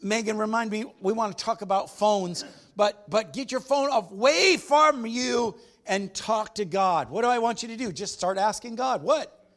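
A man's voice: sits high, normal speed, fairly bright tone. A man preaching a sermon as pastor, emphatic, repeating his phrases and putting questions to the congregation.

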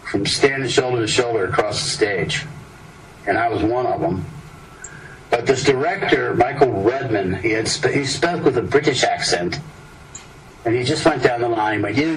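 An older man, an actor, telling a rambling anecdote in casual interview talk, acting out the people he quotes. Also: fairly low pitch. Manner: rambling, lively storyteller voicing quoted people. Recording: distant mic with clear background noise.

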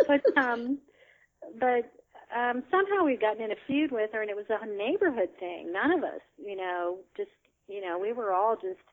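A woman's voice: on the high side, creaky. Chatty woman on a tinny phone line. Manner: chatty, laughs often, many fillers. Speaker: interview guest. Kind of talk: casual storytelling.

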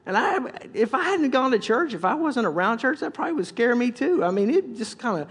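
A man with a high voice preaches a sermon in a chatty, humorous way. He stumbles and restarts often and acts out what other people might say. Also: sing-song, brisk, a bit bright, slightly rough, big-room sound. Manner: conversational, joking, with many restarts and acted quotes. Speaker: pastor.

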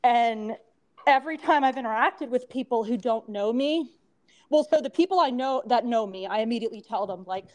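Female podcast co-host, 30s, high voice, lisp, loose rambling chat. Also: a little fast, a little mellow. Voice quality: lisp from temporary crowns. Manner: chatty, rambling, laughs often. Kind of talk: casual chat.

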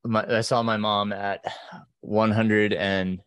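A man with a fairly low voice hosts a relaxed podcast interview, asking questions in an easy, conversational way. He laughs readily along with his guests, and his voice sounds dry and close, with no room around it. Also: slow pace, clean tone, no room sound. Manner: laughs often while listening. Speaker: podcast host. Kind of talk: casual interview chat.

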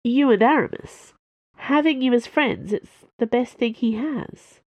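Woman voicing an awkward young spacefaring woman, soft voice lifted a little, unhurried, dry close sound. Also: fairly high pitch, dry recording, phone-quality sound, voice pushed up. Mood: earnest.

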